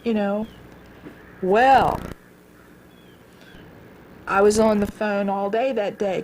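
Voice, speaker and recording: A woman in her forties telling her own life story in an earnest, halting way, repeating words as she goes. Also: mid-range voice, steady tone, a little mellow, slight background noise. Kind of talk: personal storytelling.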